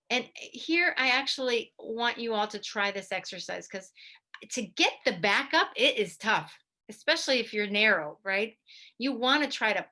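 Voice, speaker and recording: Bright-voiced woman teaching mouth exercises. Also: a little high. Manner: lively, demonstrates goofy mouth sounds. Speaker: physical therapist presenter. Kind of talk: instructional talk demonstrating exercises. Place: video presentation to a study club.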